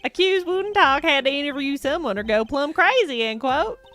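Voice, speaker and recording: A woman's voice: high voice, expressive, normal speed, a bit bright, soft background music. A woman voicing a goofy, nerdy, pushy male reporter, reading game dialogue in a drawling, showy way with old-timey slang.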